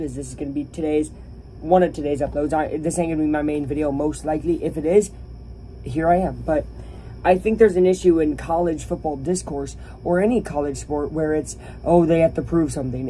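Animated young man ranting about sports. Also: a little high, a little hiss or hum. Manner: animated, opinionated, talks to viewers. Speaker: YouTuber. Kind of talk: casual sports rant to camera.

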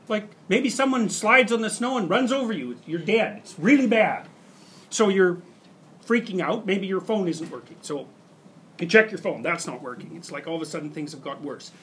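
High-pitched man lecturing. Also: a bit bright, slight background noise. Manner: conversational, builds examples with quoted inner voices. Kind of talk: university lecture. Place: lecture hall.

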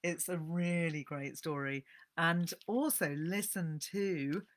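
A woman's voice: fairly low pitch, slow pace. Woman, book talk, reading aloud, enthusiastic, chatty asides. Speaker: book presenter.

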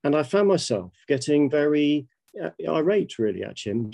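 Warm-voiced British bishop in his fifties. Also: a little high, sing-song, gravelly, dry recording. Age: 50s. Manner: measured, reflective, anecdotal. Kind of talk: prepared webinar talk.

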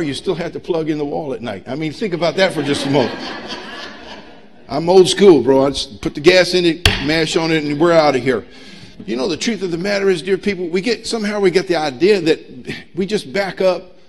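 A middle-aged man preaching a sermon as pastor, emphatic and humorous, swinging between loud pushes and quiet asides. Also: fairly high pitch, lively intonation, a little fast, a little hiss or hum. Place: church sanctuary.

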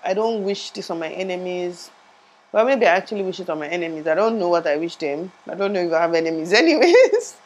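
Young woman vlogger, lower pitch, rambling casual chat, sore from tooth surgery, lapel mic. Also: lively intonation, fast, rough recording. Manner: rambling, chatty, laughs at herself. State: in pain after tooth surgery, speech a bit muffled.

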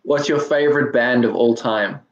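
A man hosting an interview, asking brief quick-fire questions. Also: medium pitch, roomy sound, muffled recording. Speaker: interview host.

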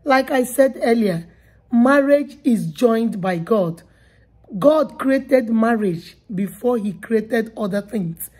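Woman host, husky voice, mellow tone, earnest direct address. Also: a little high, expressive, slow pace. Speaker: channel host. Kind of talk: casual commentary to viewers.

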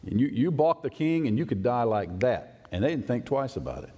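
A man's voice: medium pitch, big pitch swings, fairly quick, warm tone, breathy edge. A male pastor preaching a sermon, emphatic and conversational, often asking the congregation questions. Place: church sanctuary. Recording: long church reverb.

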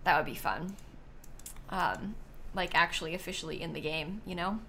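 A woman's voice: on the low side, normal speed, gravelly, bright, forceful tone, a little hiss or hum. A woman streamer chatting casually while she plays a life-sim game, thinking aloud and sounding a little sleepy. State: sleepy, yawning. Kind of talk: casual gameplay commentary.

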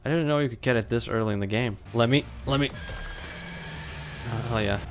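A man's voice: medium pitch, a little fast, a little hiss or hum. A young man streaming his first playthrough of a shooter game, jumpy and swearing, talking back to the enemies and mocking himself. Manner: jumpy, swears a lot, yelps when startled; self-mocking, talks to the enemies. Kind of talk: casual gameplay commentary.

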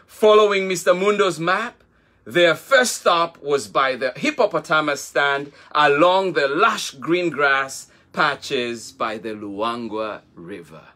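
A man reading a children's picture book aloud, taking his time over each phrase. His voice is bright and lively, rising and falling expressively to keep young listeners hooked. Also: on the high side. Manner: slow, expressive read-aloud. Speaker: storyteller.

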